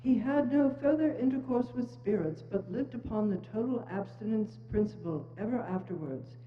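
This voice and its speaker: A woman narrating a dramatic reading in a church, with a steady, formal storytelling delivery. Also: a little high, normal speed, slight background noise. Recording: echoey church hall, dull sound.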